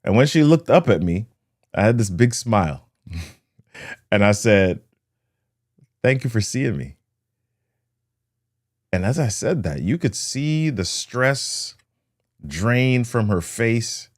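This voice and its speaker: A man's voice: on the low side, big pitch swings, takes it slowly. A man hosting a motivational leadership talk who tells stories and acts out the scenes with sound words. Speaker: host of a leadership talk show.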